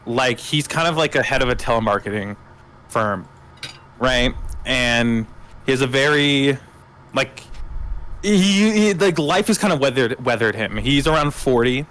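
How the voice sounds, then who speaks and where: A man runs a casual tabletop role-play session as its game master. He describes scenes and characters in a loose, rambling way full of fillers and restarts, his voice sitting at an ordinary middle pitch. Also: animated, unhurried, fairly bright tone, low-quality recording. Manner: rambling, filler-heavy, laughing.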